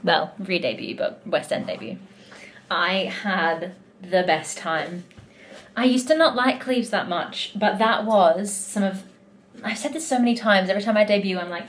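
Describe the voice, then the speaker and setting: A woman's voice: medium pitch, moderate pace. A young woman in casual vlog chat, talking in a gushing, heartfelt way as a musical theatre performer backstage.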